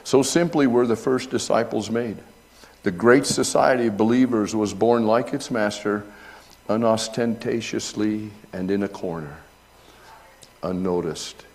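A middle-aged male pastor delivering a sermon in a fairly low-pitched voice. He talks conversationally to his congregation and reads from an old essay, then swells into loud, high-pitched emphasis when acting out scenes. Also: normal speed, creaky, big-room sound. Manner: reads aloud from an old essay between remarks.

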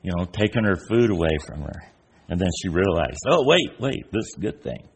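Animated and a little fast, this older preacher has a low voice with a darkish tone, and there's slight background noise. In a casual, folksy sermon, he tells stories and acts out the voices of the people in them.

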